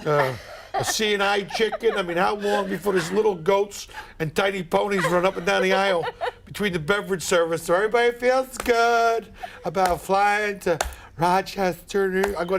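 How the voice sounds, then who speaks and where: Middle-aged male comic, gravelly high-pitched voice, exasperated wisecracking rants. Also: moderate pace, background noise. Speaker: comedian guest. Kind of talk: stand-up style routine on a morning show.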